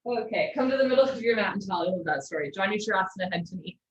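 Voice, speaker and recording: A woman leads a yoga class over a video call, her voice at a middle pitch. She calls out posture cues in a calm, even flow and drops in gentle asides. The sound is roomy and a little dull. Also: racing, a little hiss or hum. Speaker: yoga teacher. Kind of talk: live online yoga class instruction. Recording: echoey lo-fi video call audio.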